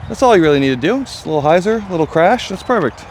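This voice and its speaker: Excitable chatty man on a disc golf course. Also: sits high, very fast, noisy background. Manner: chatty, excitable, self-deprecating. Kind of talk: casual play-by-play commentary.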